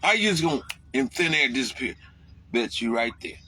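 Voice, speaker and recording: A man's voice: medium pitch, brisk, breathy edge, soft background music. Profane ranting trucker man. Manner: profane, animated ranting with sudden yelled outbursts. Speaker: truck driver. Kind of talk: casual rant to camera.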